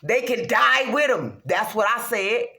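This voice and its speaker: A woman ranting casually to her viewers, swearing heavily, animated and laughing often. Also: a little high, a little slow, gravelly. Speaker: vlogger. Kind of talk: casual rant to camera. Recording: roomy echo.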